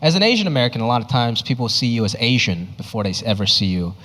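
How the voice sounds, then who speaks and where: A young man from Hong Kong doing a stand-up comedy set, telling animated stories and slipping into his family's voices. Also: medium pitch, racing. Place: live comedy stage before an audience. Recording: live show in a reverberant hall.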